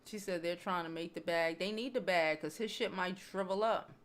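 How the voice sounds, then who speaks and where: A woman hosting a casual celebrity gossip chat, blunt and profane, reading viewer comments and talking straight to her audience, calling them "child" and "y'all". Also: moderate pace. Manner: swings between loud animated bursts and low near-murmurs. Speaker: host. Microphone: home streaming setup, waiting on new mics.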